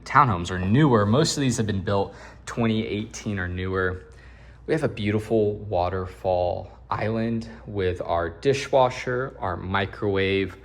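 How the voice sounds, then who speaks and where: Chatty low-voiced man touring a house. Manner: chatty, upbeat, jokey asides. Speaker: real estate agent giving a home tour. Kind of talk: casual walk-through tour narration. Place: indoors in an empty house, walking room to room.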